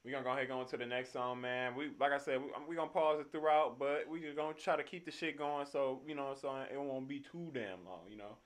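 A tired young guy, just off work and yawning, hosts a music reaction video, talking fast in a steady mid-range voice with barely a pause. He's slangy, curses freely, and hypes up the tracks.

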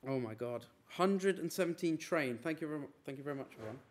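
Young male streamer, slightly high voice, casual, quick name roll-call. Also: lively intonation, slight background noise. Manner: rattling off names in a quick run. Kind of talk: casual live-stream chat. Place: apartment room.

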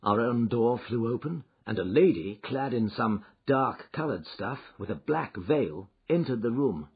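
A man giving an expressive, dramatic reading of a classic detective story, in a dull lo-fi recording. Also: mid-range voice, unhurried, breathy edge. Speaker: audiobook narrator. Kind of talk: scripted narration of a classic story.

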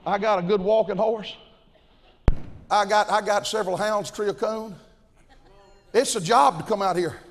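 An older man preaching a fiery sermon, folksy and impassioned, swinging from shouts to low asides. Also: normal speed, long pauses. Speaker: pastor. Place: large church auditorium at a conference. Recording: long reverb of a big hall.

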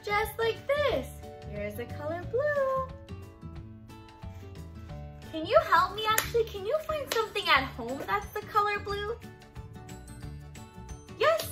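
A young woman leading a children's circle-time lesson, talking in a sing-song, encouraging way pitched to small children. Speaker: early-years program leader.

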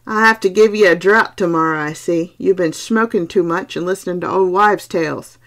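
A woman voicing a raw-boned male Irish village doctor with an Irish accent, blunt, teasing and forceful. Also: on the low side, a little fast. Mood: scoffing.

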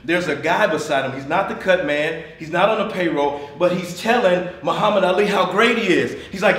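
A fairly high-voiced man gives a lively motivational talk to an audience, laughing often and calling on people. His voice jumps between shouts and near-whispers. He is recorded from across an echoing meeting room with faint room noise behind him. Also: a little fast, hardly any pauses, distant mic. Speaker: motivational speaker.

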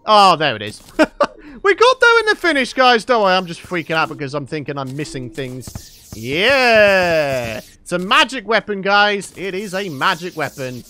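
Guy doing let's play commentary, bright voice, jumps all over in pitch. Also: unhurried. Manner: excitable, exclaiming and laughing often. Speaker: gaming YouTuber.

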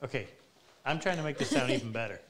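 A woodworking teacher hosting a live Q&A, chatting in a self-deprecating way and rambling through anecdotes. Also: male voice, mid-range voice, quick pace. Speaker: woodworking teacher and show host. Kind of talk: live Q&A, casual storytelling. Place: woodworking workshop.

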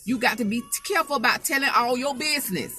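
A woman with a high, bright voice delivers a conversational sermon straight to her listeners. She talks in a folksy, down-to-earth way, hammering her points by repeating them. Soft music plays underneath. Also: quick pace. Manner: emphatic, repeats phrases for emphasis. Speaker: preacher. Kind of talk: informal spoken sermon.

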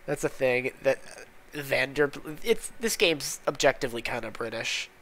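A man's voice: mid-range voice, expressive, moderate pace, a bit bright, slight background noise. A man hosting a casual gameplay commentary, muttering in frustration with lots of swearing as he plays. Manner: profane, exasperated muttering. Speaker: gaming channel host.

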